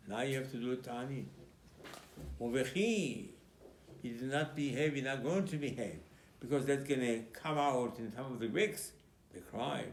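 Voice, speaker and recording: A rabbi with a gravelly, creaky voice gives an emphatic sermon, now and then slipping into the voices of the figures in his story. His words ring around a roomy, echoing space. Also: mid-range voice. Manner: emphatic storytelling, acting out dialogue between biblical figures. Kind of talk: Purim sermon. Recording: echoey room.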